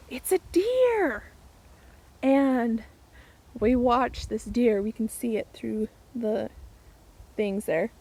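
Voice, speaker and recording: A woman's voice: a little high, a little mellow, poor audio. A woman vlogger casually telling a funny story to the camera, outdoors in her garden, chatty and laughing as she goes.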